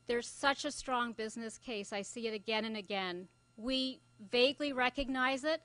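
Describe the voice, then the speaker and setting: A middle-aged journalist from Glasgow, Scotland gives closing remarks at a conference venue, speaking loosely and conversationally as she thinks aloud with fillers. Her voice is a little high and a bit bright, with no echo.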